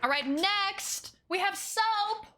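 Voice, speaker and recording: Bubbly, bright-voiced young woman streamer. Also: takes it slowly. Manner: bubbly, gushing, swoops up high when excited. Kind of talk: casual live-stream chat with viewers.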